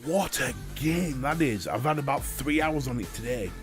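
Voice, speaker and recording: Chatty British livestream host. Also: male voice, medium pitch, animated, normal speed, music in the background. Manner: chatty, swears freely, reads and answers chat. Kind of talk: casual live-stream chat.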